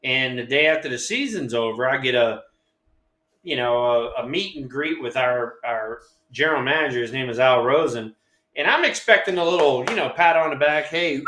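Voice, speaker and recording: A man in his sixties, co-host and former ballplayer, telling stories in casual chat, animated and profane, acting out quotes. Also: a little high, moderate pace, reverberant.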